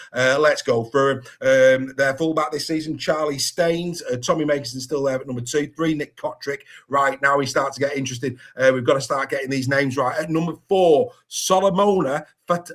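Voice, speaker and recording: A man hosting a sports podcast in casual chat, lively and good-humoured as he stumbles over hard names. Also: medium pitch, moderate pace, few pauses. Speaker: podcast host.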